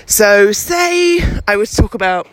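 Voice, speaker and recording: A woman hosting a podcast, teaching storytelling in a lively, chatty way while she walks outdoors with her baby. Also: mid-range voice, unhurried, rough recording. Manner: lively and chatty, with many fillers. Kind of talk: casual instructional talk. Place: outdoors, walking with a baby past traffic.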